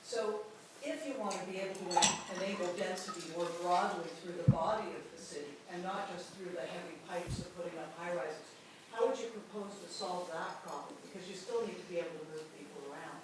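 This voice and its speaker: A woman's voice: lowish voice, fairly quick. Distant echoey woman asking a question. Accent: Canadian English. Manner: hesitant, many fillers. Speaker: audience questioner. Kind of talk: audience question. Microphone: far from the microphone. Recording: distant, echoey, noisy hall audio.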